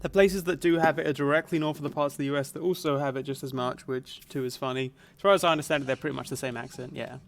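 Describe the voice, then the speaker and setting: A man's voice: on the high side, fairly even intonation, quick pace, hardly any pauses, a little hiss or hum. A young man from Canada, live streaming a video game and musing aloud in a casual, rambling way. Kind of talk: casual chat while playing a video game.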